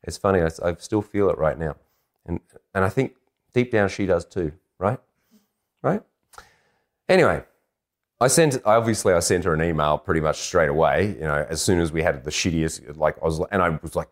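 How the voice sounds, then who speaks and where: A man telling a personal story in an animated, self-deprecating way as a dating coach, acting out bits of dialogue as he goes. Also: sits low, a little fast. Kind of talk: anecdotal storytelling.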